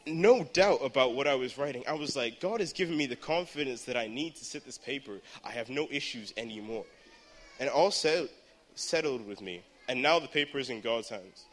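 A teenage boy gives an earnest youth sermon in a church hall, at times rising to fervent shouting. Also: mid-range voice. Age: teens. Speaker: teen speaker at church service.

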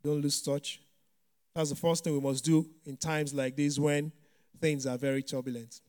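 A man's voice: on the high side, level tone, normal speed, darkish tone, clean tone. A male pastor giving a conversational sermon, full of "you know" asides and frequent light chuckles. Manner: chatty, many "you know" fillers, chuckles often.

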